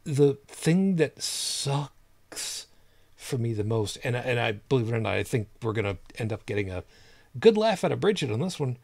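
A man's voice: medium pitch, sing-song, moderate pace, gravelly, a little mellow. A man co-hosting a podcast in casual chat, rambling and repeating words as he hunts for what to say. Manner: rambling, repeats words while searching for them. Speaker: podcast co-host.

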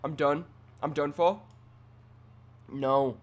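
A man giving excitable let's play commentary, trash-talking his opponent and swinging between quiet mutters and sudden yells. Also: a little high, slow pace. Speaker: gaming commentator.

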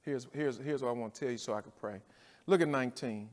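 A pastor preaching a sermon with a rhythmic cadence, dropping to near-quiet and rising to shouts. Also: male voice, mid-range voice, fast talker, big-room sound.

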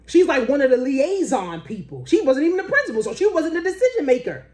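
A woman in her forties telling a story as a business coach, with a pitch that swoops up and down all the time. She talks casually, swears freely and acts out other people's words in a high, excited voice. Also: fast.

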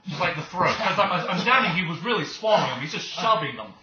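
A man's voice: sits high, animated, fast talker, distant mic, music in the background. A man playing a tabletop game, talking in a playful, jokey way. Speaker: player. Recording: echoey, dull room recording.

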